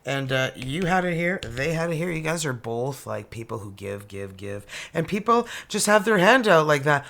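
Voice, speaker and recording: A gushing, excitable tarot reader from Canada talks straight to camera in a casual reading. The voice has a bright, sharp edge and pitch sits mid-range. They exclaim over every card and laugh often. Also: normal speed, vocal fry, few pauses.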